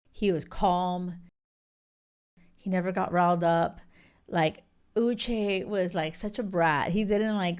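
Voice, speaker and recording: A woman vlogger giving an animated, emphatic casual recap, full of filler words. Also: lowish voice, clear, resonant tone.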